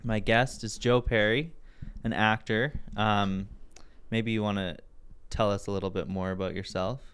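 A man hosting a casual podcast chat, talking in a flat, monotone way. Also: lowish voice, unhurried, clean tone. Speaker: podcast host.

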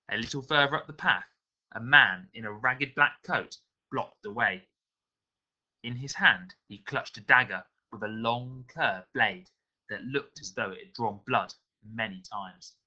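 A male teacher reads a novel aloud to his pupils with expressive storytelling. His voice is very bright and lively, rising and falling with the tale. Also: medium pitch, poor audio. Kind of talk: reading a novel aloud to a class.

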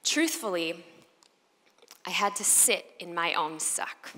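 Bright-voiced woman telling a story on stage. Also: on the low side, slow pace. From Chicago. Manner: animated, acts out voices in her story. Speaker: motivational speaker. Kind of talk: storytelling keynote talk. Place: large event hall on stage. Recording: long reverb of a large hall.

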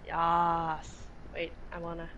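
A woman's voice: fairly low pitch, monotone, takes it slowly, fairly bright tone, highs cut off, slight background noise. A woman playing a co-op game on a stream, chatting in a playful, giggly, silly way. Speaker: co-op gaming partner. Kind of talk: casual live gaming chat.

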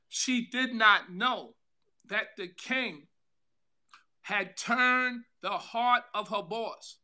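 Slow, high, bright-voiced man preaching. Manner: preaching with call-outs to listeners by name; slow, drawn-out delivery with sudden loud bursts. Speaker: pastor. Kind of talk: devotional sermon.

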